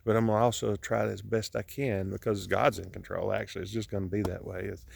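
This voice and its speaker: Recording himself outdoors on his land, a grieving vlogger shares an earnest, moralizing message that repeatedly breaks off and starts again. His delivery is flat, his fairly low voice creaky and husky, with no echo on the camera audio.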